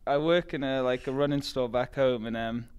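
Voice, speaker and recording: A man's voice: mid-range voice, normal speed, clear, resonant tone, muffled recording. A young man from Newcastle with a Geordie accent, a college runner chatting casually as an interview guest, with lots of "like" and "um". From Newcastle, England. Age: young adult. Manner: relaxed, many fillers like "like" and "um".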